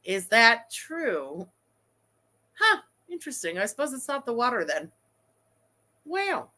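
A woman's voice: on the high side, unhurried. A young adult woman hosting a casual livestream, reading super chats aloud and ranting with lots of swearing. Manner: profane, animated, ranting.

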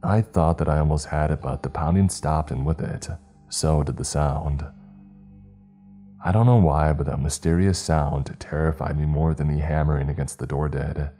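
A man narrating a horror story in an extremely deep, dark voice. The delivery is slow and hushed, with a husky edge, and faint music plays underneath. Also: fairly even intonation. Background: faint eerie background music.

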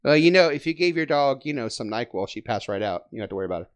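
A man's voice: mid-range voice, expressive, rapid-fire, clean tone, dry recording. A man hosting a casual sports fan podcast, joking and teasing as he talks. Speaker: podcast host.

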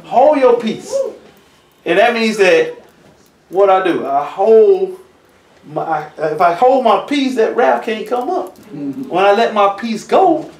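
Man, church elder; animated conversational preacher, high pitch, recorded from a distance. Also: slow pace. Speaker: church elder teaching a lesson. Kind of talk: preaching a Bible lesson. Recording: roomy echo, from far off the mic.

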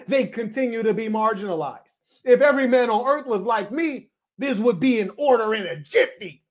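A man hosting a podcast, giving scornful, lecturing reaction commentary with sharp swings in pitch and loudness, and reading listener messages. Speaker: podcast host.

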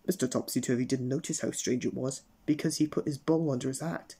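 Guy reading a kids story out loud, playful, low warm kinda breathy voice. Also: steady tone, fairly quick, few pauses. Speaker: storybook reader. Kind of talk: children's story narration.

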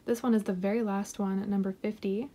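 A woman vlogger opening mail and chatting casually, gushing with excitement and gasping over each item. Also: medium pitch, fairly quick, soft background music. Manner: gushing, excited, with gasps and soft asides. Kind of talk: casual unboxing chat.

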